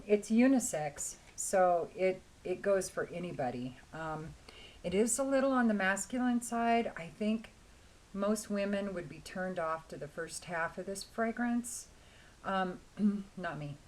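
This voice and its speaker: Hoarse woman reviewer, casual rambling delivery, slightly low voice, light background hiss. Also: a little mellow, poor audio. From Washington State, US. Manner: chatty, rambling, frequent throat-clearing. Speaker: fragrance reviewer.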